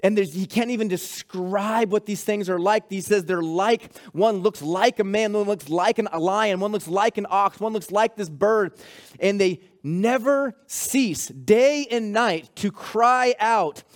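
A man's voice: high voice, measured pace. A man preaching a sermon to his congregation as pastor, calling out to the church. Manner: preaching with rising intensity, calls to the congregation.

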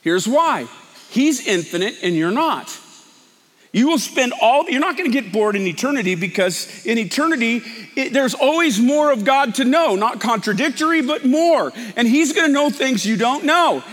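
A man's voice: very high voice, animated, moderate pace, fairly bright tone, long reverb tail. A man preaching a sermon as pastor, talking in a conversational, emphatic way.

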